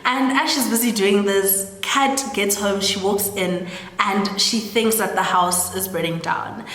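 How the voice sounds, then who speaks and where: A young South African woman recaps a story in a chatty, meandering way, peppering her talk with "like". Her mid-pitched voice bounces around a roomy space with a long reverb tail. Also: unhurried, fairly bright tone. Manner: chatty, full of "like" and laughing asides. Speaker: storytelling host. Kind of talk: casual film recap.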